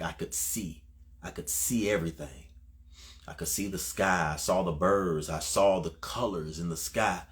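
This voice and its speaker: Slangy preacher man sharing a testimony. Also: fairly low pitch. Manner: casual, conversational, repeats phrases for emphasis; slangy, calls listeners bro and man.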